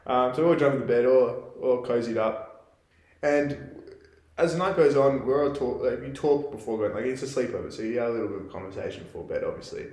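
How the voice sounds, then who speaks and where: A young man with an Australian accent tells a story in a loose, rambling way, leaning on "like" and "you know". His voice sits at an ordinary middle pitch. The recording has a noticeable roomy echo. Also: quick pace, a little mellow. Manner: rambling, laid-back, heavy on fillers like "like". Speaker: podcast co-host. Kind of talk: casual storytelling.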